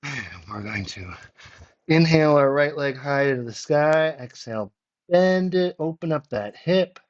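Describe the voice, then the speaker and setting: Slow-spoken male yoga instructor. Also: fairly high pitch. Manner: calm, encouraging cues. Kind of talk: guided workout instruction. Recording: slightly muffled, lo-fi audio.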